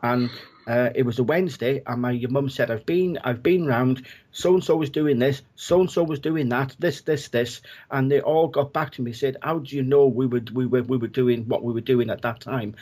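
Gentle rambling man, medium. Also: medium pitch, moderate pace. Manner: rambling, gentle, many restarts and fillers. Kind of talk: personal storytelling.

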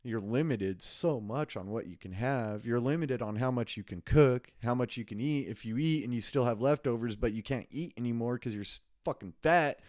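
A man's voice: medium pitch, brisk, hardly any pauses, dry recording, studio quality. A man hosting his own podcast, rambling in a casual solo monologue, swearing freely and laughing often. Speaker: podcast host. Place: home recording space.

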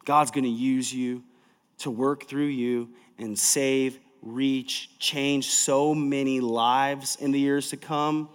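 A man preaching a sermon as pastor of a large church, emphatic and energetic, swinging from loud to soft. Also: medium pitch, takes it slowly, smooth, big-room sound.

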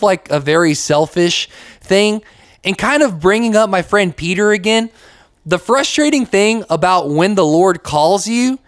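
His voice sits high with a fairly bright tone as this young American Christian podcast host chats casually, using many "like" fillers and acting out brief quotes. The sound is dry and studio quality.

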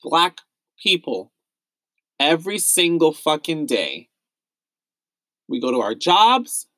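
A man's voice: fairly high pitch, very animated, takes it slowly, pushed and bright, dry recording. A young man from the United States hosting a solo podcast, speaking with raw pain and anger, repeating himself as he vents. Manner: emotional, repetitive, pained and angry. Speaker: podcast host.

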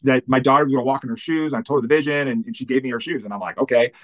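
A man who works as a pastor, recounting one story after another, full of "like" and "you know". His voice sits in the middle range. The recording is slightly muffled and lo-fi. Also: mid-range voice. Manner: animated, fast-running anecdotes with many fillers. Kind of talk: storytelling in an interview.

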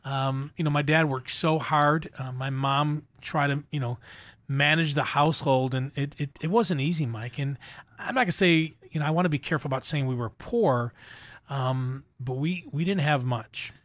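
Middle-aged male host, earnest heartfelt storyteller, slightly higher voice, dry studio. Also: normal speed, a bit bright, no echo. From Buffalo, New York. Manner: earnest, heartfelt, repeats words when moved. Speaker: show host. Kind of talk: conversational radio interview.

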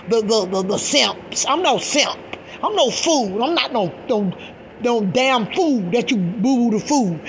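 A woman's voice: on the high side, a bit bright, a little hiss or hum. A middle-aged woman, a mother, giving an impassioned personal rant to camera, agitated and emphatic, swearing and repeating herself. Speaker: mother speaking out in a video.

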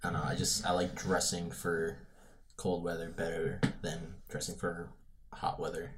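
A man's voice: sits low, completely flat delivery, normal speed, background noise. A young adult man from New England co-hosting a podcast, chatting casually and teasing his friends. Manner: teasing, rambling with fillers. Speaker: podcast co-host. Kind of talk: casual chat.

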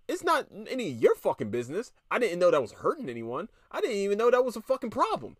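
A man's voice: sits high, wildly swooping pitch, breathy edge, dry recording, studio quality. A tired podcast host, a man, ranting casually with lots of swearing and stammered restarts. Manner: irritated, profane, rapid restarts and stammers.

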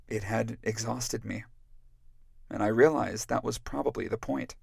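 Male audiobook narrator, slow and gravelly, dry close sound. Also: fairly low pitch, dry recording. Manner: measured, even storytelling. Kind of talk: scripted narration.

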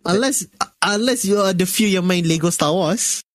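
A man with a Malaysian English accent co-hosting a casual gaming podcast, telling stories in an animated way. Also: high-pitched, normal speed, no room sound. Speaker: podcast co-host. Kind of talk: casual chat.

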